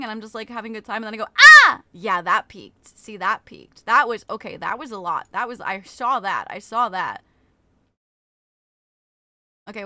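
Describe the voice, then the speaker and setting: A woman live-streamer with a bright, slightly high voice chats casually into a close desktop mic. She greets her viewers one by one and keeps stopping to restart her sentences. The sound is dry and direct, with no room around it. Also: no room sound. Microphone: desktop mic with a limiter.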